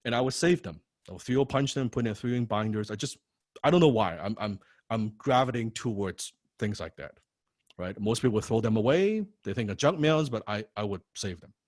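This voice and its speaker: Animated, swearing male course teacher. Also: on the low side, fairly quick, no echo, studio quality. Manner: animated and profane, repeats words when excited; frequent rhetorical "right?". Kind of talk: personal story told in a lecture.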